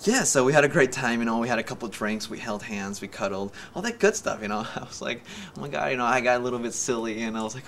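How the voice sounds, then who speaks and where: A young man in his twenties telling a story in a casual vlog, talking fast and energetically, joking and theatrical. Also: medium pitch, big pitch swings, fairly bright tone, a little hiss or hum. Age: young adult. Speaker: vlogger.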